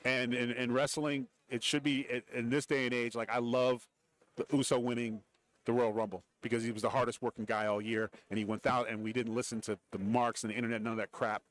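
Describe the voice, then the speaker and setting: A middle-aged man with a mid-range voice talks fairly quickly as a guest in a radio row broadcast booth. A former wrestler and TV commentator, he tells stories in a casual interview, animatedly acting out the voices of the people he quotes.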